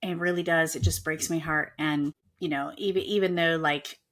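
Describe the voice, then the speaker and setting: A woman's voice: low-pitched, fairly even intonation, normal speed, fairly bright tone. A woman hosting a podcast from home, chatting casually and animatedly acting out quoted voices. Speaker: podcast host. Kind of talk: casual conversational interview. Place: at home, with children and a dog nearby.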